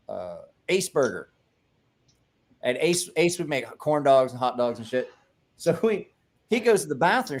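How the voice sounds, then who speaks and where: A man hosting a casual after-show chat, telling rambling stories with bursts of laughter and loud acted-out quotes. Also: a little high. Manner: rambling, laughing storyteller who acts out quotes loudly. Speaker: podcast host.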